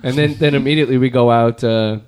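A man hosting a podcast in casual chat, rambling and self-deprecating, quick to make a joke of himself. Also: mid-range voice, steady tone, a little mellow, clear, resonant tone. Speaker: podcast host.

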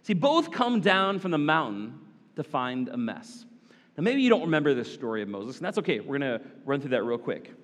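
A man preaching a sermon as a pastor, animated, with casual asides to the congregation. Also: on the high side, a little fast, long reverb tail.

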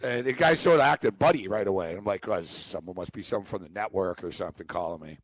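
A man's voice: low voice, fast, dry recording. A man co-hosting a sports talk show, telling a long rambling story and acting out a phone call. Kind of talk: casual chat.

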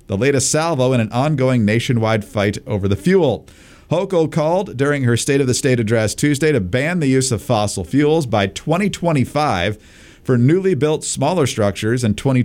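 Measured man, news commentary. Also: medium pitch. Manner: measured, reads news excerpts aloud. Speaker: podcast co-host. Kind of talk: casual political commentary.

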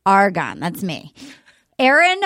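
A woman podcast host chatting excitedly in a casual, rambling way, full of quick asides. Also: mid-range voice, no echo, studio quality. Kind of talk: casual chat promo.

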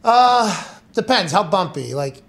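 A young man hosting a podcast, chatting casually and telling animated stories that he laces with swearing and laughter. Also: high-pitched, slow, gravelly. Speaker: podcast host. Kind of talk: casual chat.

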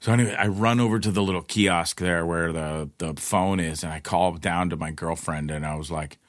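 A man's voice: deep voice, steady tone, fairly quick. A man telling rambling personal stories in a casual, profane way, laughing often. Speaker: storyteller.

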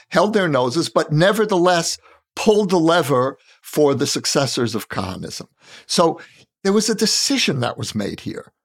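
A man in his sixties, talking in an earnest, searching and measured way as a podcast co-host in a reflective conversation. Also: a little high. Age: 60s. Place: Israel.

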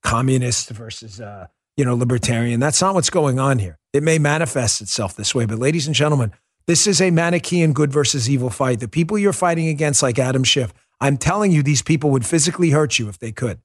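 A middle-aged man hosting a political talk show, delivering a heated, forceful monologue with emphatic repetition. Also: medium pitch, brisk.

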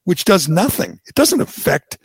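A man with a gravelly, slightly high voice hosts a talk radio show. He talks bluntly and heatedly, circling back over his points. The sound is dry and close. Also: very animated, moderate pace, no echo. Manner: blunt, heated, repeats himself. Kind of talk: opinionated talk radio chat.

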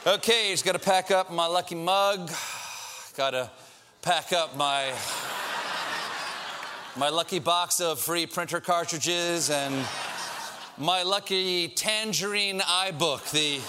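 A man hosting a comedy sketch with a mock-earnest, deadpan delivery. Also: high-pitched, takes it slowly, long pauses, noisy background. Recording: sketch audio with loud audience.

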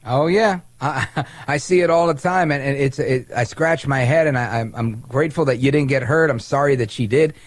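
A man hosting a political talk radio show, lively and sarcastic, sometimes tripping over his words, speaking into a studio microphone. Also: medium pitch, moderate pace, no room sound. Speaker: radio host.

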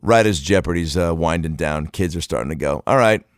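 Deep-voiced male comic, dry close sound, loose swearing storyteller. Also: fairly quick, no room sound. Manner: loose, profane, rambling with fillers. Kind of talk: comedic storytelling monologue.

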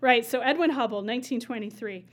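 A woman astronomer explains things in an easy, conversational way. Her voice sits a little high. She is enthusiastic and patient, with plenty of ums along the way. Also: fast. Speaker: astronomer guide.

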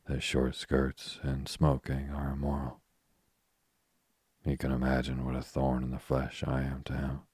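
A man's voice: a bass voice, a little mellow, husky, no echo, clean studio sound, full character voice. A man reading the lines of a frank, spirited young woman who is restless and short of money, in a chatty, blunt manner. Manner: chatty and blunt, quick to exclaim.

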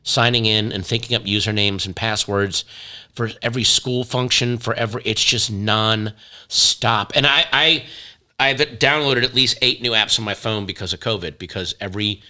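A man's voice: lowish voice, moderate pace, bright, forceful tone. A middle-aged man co-hosting a casual chat, rambling into comic riffs and cutting himself off. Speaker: podcast co-host.

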